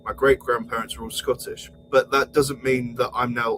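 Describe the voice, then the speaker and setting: A man's voice: medium pitch, fairly even intonation, a little fast, few pauses, a bit bright, slight background noise, rough recording. A man co-hosting a podcast, exasperated and heated, swearing as he rants. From England. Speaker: podcast co-host. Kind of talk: casual podcast rant.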